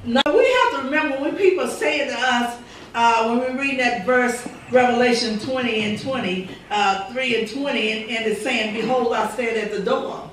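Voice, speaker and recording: A woman pastor's sermon rings through a church sanctuary, fervent and repetitive, laced with rhetorical quotes. Her voice is on the high side at a moderate pace, and the distant, echoey recording carries slight background noise.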